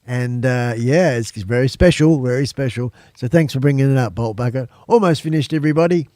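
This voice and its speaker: A man's voice: medium pitch, a little fast, mellow, no echo. An Australian man hosting a casual live stream from his temporary studio, chatting to viewers in a rambling, friendly way and calling them folks.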